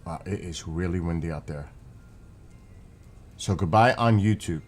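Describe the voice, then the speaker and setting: A man's voice: low voice, unhurried, soft background music. A man with a New York accent, chatting casually and rambling to his viewers on a live stream.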